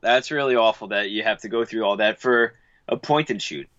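A man's voice: fairly low pitch, brisk, a bit bright, muffled recording. A man co-hosting a podcast, mostly offering short, sympathetic replies to his partner's story. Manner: supportive listener with short agreeing replies. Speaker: podcast co-host. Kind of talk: casual chat.

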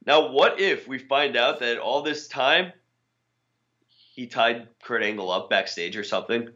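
A man's voice: mid-range voice, unhurried, sharp tone. A man co-hosting a wrestling podcast, chatting casually and often trailing off mid-thought. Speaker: podcast co-host. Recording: dull lo-fi mic.

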